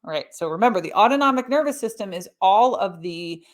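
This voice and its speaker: Woman podcast host, middle-aged, chatty explainer, average pitch. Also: lively intonation, fairly quick. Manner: conversational teaching, frequent "right?" and "like".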